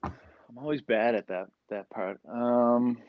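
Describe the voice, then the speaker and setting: A man's voice: mid-range voice, fairly even intonation, slow pace, a little hiss or hum. A man speaking as a guest on a panel, earnest and impassioned when he makes his case. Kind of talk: panel discussion. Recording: dull, dry lo-fi mic.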